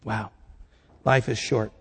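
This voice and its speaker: A man's voice: fairly low pitch, level tone, slow, gravelly, fairly bright tone, breathy edge, big-room sound. A man preaching a casual, conversational sermon, asking the congregation questions and acting out little quoted voices. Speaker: pastor.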